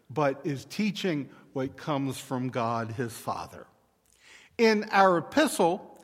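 A male pastor preaching a sermon in a deliberate, measured way. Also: a little high, big-room sound.

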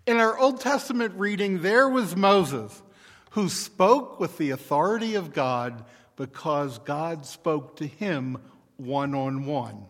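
A male pastor preaching a sermon in a deliberate, measured way. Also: on the high side, fairly bright tone, big-room sound.

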